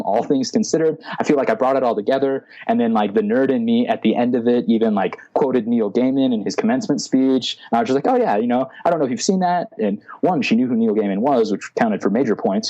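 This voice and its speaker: A man's voice: mid-range voice, a little mellow, highs cut off. A young man telling a story in a rambling, casual way as a podcast guest, with lots of filler words.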